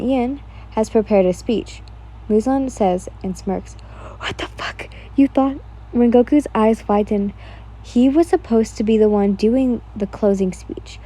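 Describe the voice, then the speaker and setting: A woman's voice: fairly high pitch, dark tone, breathy edge. A woman casually reading a listener-insert fan fiction story aloud, stumbling and restarting now and then. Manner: reads casually, with slips and restarts.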